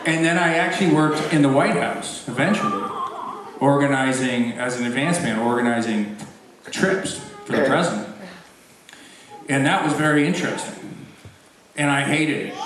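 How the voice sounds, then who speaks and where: Guy joking through his life story, laughing a lot, roomy hall, crowd around. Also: medium pitch. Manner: animated, self-mocking, laughs often. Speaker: convention guest actor. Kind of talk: casual Q&A storytelling. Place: convention hall. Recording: echoey hall, far from mic, crowd.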